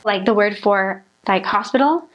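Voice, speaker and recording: A woman's voice: medium pitch, moderate pace, muffled recording. A young woman in casual chat, talking in a loose, rambling way with many likes and restarts.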